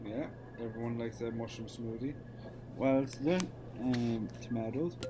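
A man's voice: medium pitch, fairly even intonation, normal speed, noisy background. An Irish man giving casual, jokey gameplay commentary with mock-bossy banter. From Ireland. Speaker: gaming YouTuber.

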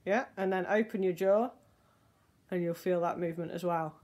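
A woman, a voice teacher gently leading a relaxation and vocal warm-up lesson in a soothing, unhurried way. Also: on the low side, steady tone. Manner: gentle, soothing, slow guiding instructions.

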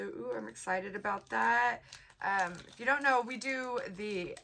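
A woman chatting casually as she unboxes a subscription box, bubbly and gushing with excitement. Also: on the low side. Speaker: vlogger.

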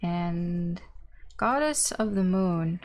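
A woman's voice: lowish voice, lively intonation, drawn-out words, a little mellow, a little hiss or hum. A woman giving a casual tarot reading, thinking aloud with lots of ums and maybes, blunt and informal. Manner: blunt and informal, with mild swearing. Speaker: tarot reader.

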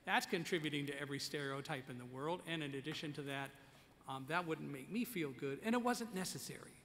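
A man's voice: on the high side, brisk, a bit bright, slight background noise. A man giving a keynote speech at a conference, telling a story vividly and speaking directly to the audience. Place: conference hall. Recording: echoey conference hall.

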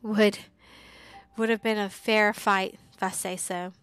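A wounded orc dragon rider, beaten and hopeless, bellows his words, as a woman reading aloud puts him on. The voice stays smooth, with faint music in the background. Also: mid-range voice, little pitch movement, a little slow, lightly acted. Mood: bellowing despair. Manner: loud, bellowing.

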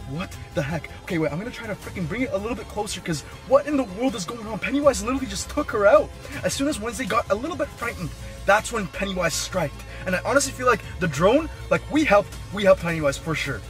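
A young man vlogging in excited live commentary, constantly exclaiming and talking straight to his viewers. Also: high-pitched.

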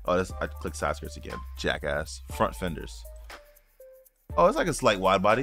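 A man streaming a racing game, swearing freely and reacting loudly as he plays. His voice is bright and jumps all over in pitch. Faint music plays behind him. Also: moderate pace. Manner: excitable, slangy and profane, talks to viewers. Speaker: gaming YouTuber. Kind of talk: casual racing-game commentary.

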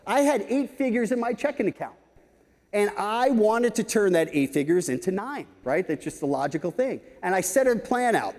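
A man in his fifties giving a conference talk, telling lively anecdotes with frequent "right?" asides. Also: high-pitched, moderate pace. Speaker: keynote speaker. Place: large conference hall stage. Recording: reverberant conference hall.

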